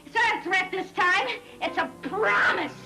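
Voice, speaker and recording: An actress playing a drunk, lonely, bitter wife who slurs and breaks into tearful shouting. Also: female voice, extremely high pitch, moderate pace, vocal fry, loud music behind the voice, low-quality recording. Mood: defiant. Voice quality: slurred, tearful, shouting outbursts.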